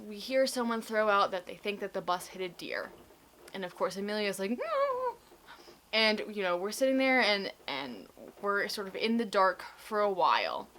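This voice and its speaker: Young woman vlogger, casual storyteller, mid-pitched, loose and chatty delivery. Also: fairly bright tone, slight background noise. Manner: chatty storytelling with many likes and restarts. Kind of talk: casual video diary.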